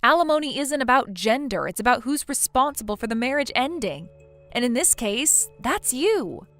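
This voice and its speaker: A woman's voice: sits high, lively intonation, moderate pace, a bit bright, dry recording, faint music behind. A woman voicing a blunt young female friend in a text-message story, lecturing firmly. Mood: scolding. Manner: firm, lecturing.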